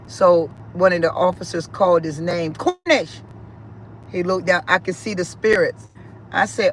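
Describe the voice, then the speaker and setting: A woman's voice: on the low side, a little slow, pauses often, a bit bright, slight background noise, low-quality recording. A middle-aged woman, giving a personal spiritual testimony in an emphatic, repetitive, emotional way. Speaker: spiritual speaker.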